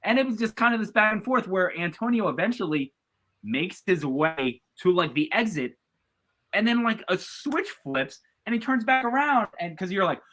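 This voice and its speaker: Chatty bright-voiced American man. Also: high-pitched, animated, normal speed. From US East Coast. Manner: chatty, many fillers and restarts. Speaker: guest sportswriter. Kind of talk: casual podcast chat.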